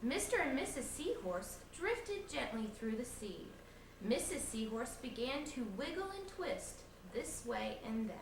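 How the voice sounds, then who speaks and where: An adult woman, an aunt, calmly reading a picture book aloud to a child. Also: sits high, measured pace. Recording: echoey room, distant camcorder mic, faint noise.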